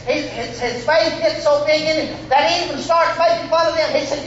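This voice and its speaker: A man preaching a fervent sermon, shouting out lines and acting out Bible figures in a folksy way. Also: very high voice, fairly even intonation, a little fast, few pauses, slight background noise. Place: church sanctuary. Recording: echoey room, muffled.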